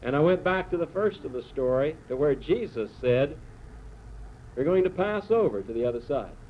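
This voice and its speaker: A man's voice: a little high, lively intonation. Dramatic preacher man, tinny sound. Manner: dramatic storytelling with slow emphatic phrases. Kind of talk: sermon. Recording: tinny phone-like sound with faint noise.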